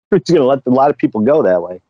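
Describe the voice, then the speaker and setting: A man's voice: mid-range voice, lively intonation, a little fast, no room sound, dull audio. Laid-back man chatting with a dry sound. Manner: laid-back, chuckles often, swears casually. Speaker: podcast co-host. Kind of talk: casual comic book review chat.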